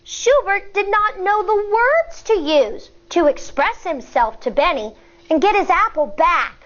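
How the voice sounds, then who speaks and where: A woman's voice: extremely high pitch, sing-song, a little slow. A woman teacher reading a children's book aloud expressively and asking the young listeners questions. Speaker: elementary school teacher. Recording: dull lo-fi recording.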